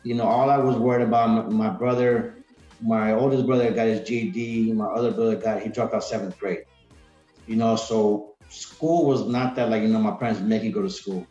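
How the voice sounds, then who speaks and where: A man's voice: lowish voice, fairly even intonation, brisk, warm tone. A man around forty chats casually as a podcast guest. He rambles and restarts often. The sound is roomy and a little dull, with faint music under it. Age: 40s. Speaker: podcast guest, retired Marine. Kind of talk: casual interview chat.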